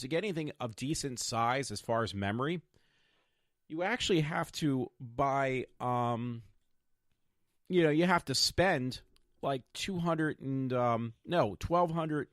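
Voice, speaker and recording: A man's voice: mid-range voice, no room sound, studio quality. A man in his fifties talking in a meandering, stop-start way with many fillers, hosting his own podcast. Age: 50s. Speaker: podcast host. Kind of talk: rambling personal vlog.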